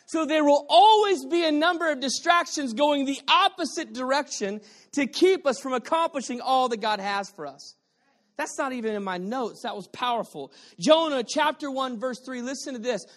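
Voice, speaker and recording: A male pastor delivers a sermon in a playful, animated way, speaking at a moderate pace in an extremely high-pitched voice. He drops into quiet asides, then shouts his points, bantering with the congregation as he goes.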